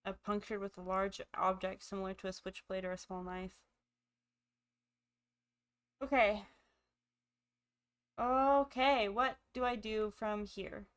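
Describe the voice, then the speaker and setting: A woman with the hiccups giving excitable let's play commentary, thinking aloud as she plays. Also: mid-range voice, unhurried, clean tone. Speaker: gamer.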